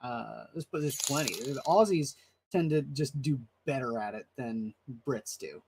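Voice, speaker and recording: A man's voice: medium pitch, unhurried, a little mellow, slight background noise. A man co-hosting a casual livestream chat, explaining his opinions with confident asides. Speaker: co-host.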